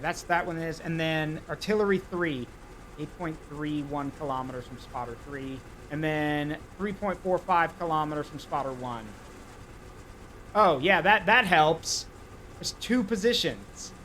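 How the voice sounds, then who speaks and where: A man's voice: on the high side, a bit bright, slight background noise, low-quality recording. A man streaming live gameplay, talking himself through each step and getting frantic and swearing under pressure.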